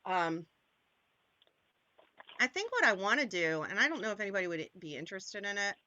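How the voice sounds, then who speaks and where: A woman's voice: medium pitch, big pitch swings, fairly quick, bright, forceful tone, muffled recording. A woman from Maryland hosting a channel, chatting casually, rambling and laughing a lot. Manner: laughing, rambling, self-interrupting. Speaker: channel host. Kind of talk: casual chat.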